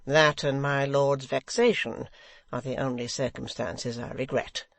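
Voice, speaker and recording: A man voicing a sly, sneering secretary who speaks in a slow, measured, mocking way with a gravelly edge. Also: mid-range voice, fairly even intonation, a bit bright, no room sound. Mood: cold sneering.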